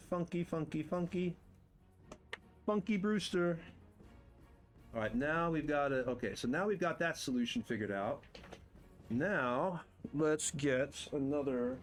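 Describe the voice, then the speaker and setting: A man streaming live, chatting playfully to himself and to viewers as he builds game terrain, boasting in fun. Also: fairly high pitch. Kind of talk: casual live-stream chat while building. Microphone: desk mic with headphones.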